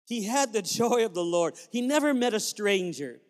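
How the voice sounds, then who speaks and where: A man's voice: sits high, animated, moderate pace. A man preaching a sermon as pastor, telling family stories with sudden joyful whoops. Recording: long reverb of a large hall.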